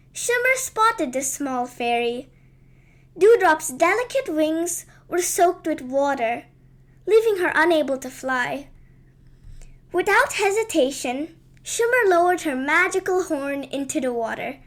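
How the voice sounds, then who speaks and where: A woman narrating a children's bedtime story in a gentle, lilting and unhurried way. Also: extremely high pitch.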